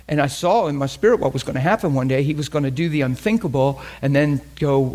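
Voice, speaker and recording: A man's voice: a little high, fairly quick, hardly any pauses, a little mellow. A man preaching in a conversational, emphatic way, often repeating phrases as he teaches. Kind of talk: sermon teaching.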